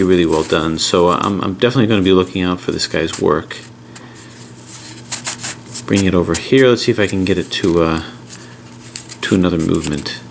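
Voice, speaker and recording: A man's voice: fairly low pitch, gravelly, slight background noise. A middle-aged American man talking casually as he explains and unboxes puzzles. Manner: chatty, talks while handling puzzles. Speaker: puzzle channel host.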